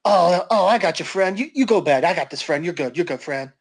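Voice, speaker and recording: A man's voice: sits high, animated, fairly quick, breathy edge. A man voicing a clingy homeless man who keeps calling people "friend" while telling a story on a podcast. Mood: pleading. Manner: pleading, repeats "friend", turns to furious shouting. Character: drunk clingy homeless man, adult male.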